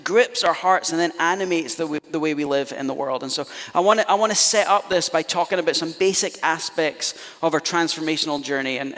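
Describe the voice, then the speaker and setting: A Scottish man preaching as a pastor, telling stories in an animated, self-deprecating way in a church auditorium. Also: a little high. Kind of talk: storytelling sermon. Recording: reverberant church hall.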